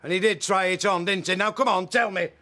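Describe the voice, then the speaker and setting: An actor playing a jealous pub landlord, suspicious and accusing, in a television soap drama. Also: male voice, high voice, steady tone, a little fast, pushed and bright. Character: jealous, grumbling older male pub landlord.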